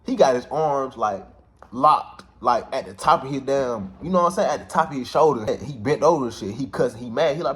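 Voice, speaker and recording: Young man, casual storytelling, heavy slang, animated, mid pitch. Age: young adult. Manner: slangy, animated, repeats "you know what I'm saying".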